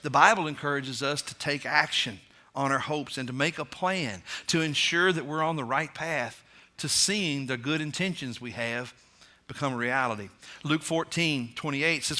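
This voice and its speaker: A man's voice: fairly high pitch, normal speed, bright, forceful tone. A man with a Kentucky accent, preaching a sermon in church in a plain, conversational way with fillers and restarts. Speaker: pastor. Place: church sanctuary.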